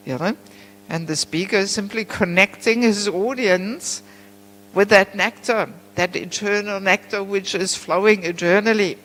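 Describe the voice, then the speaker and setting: A woman giving a class on scripture at a temple, chatty and warm in tone, often saying "you know" and breaking into laughs. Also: medium pitch, measured pace, poor audio. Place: temple hall.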